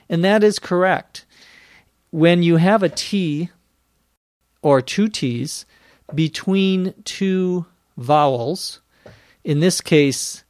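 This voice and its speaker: A man's voice: fairly high pitch, a little mellow, dry recording, clean studio sound. A man hosting an English-learning podcast, answering listener questions in a careful teaching style and spelling words out letter by letter. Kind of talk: slow, careful podcast lesson.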